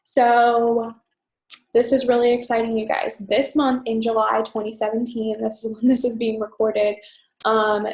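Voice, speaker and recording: A young woman team leader giving a fast, chatty, upbeat orientation talk full of "um" and "you guys". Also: fairly high pitch, little pitch movement, a little mellow. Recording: echoey room.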